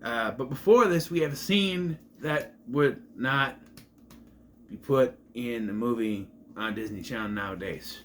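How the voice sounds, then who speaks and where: A man's voice: mid-range voice, measured pace, slight background noise. A man casually recapping a movie, rambling and trailing off into asides. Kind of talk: casual film recap commentary.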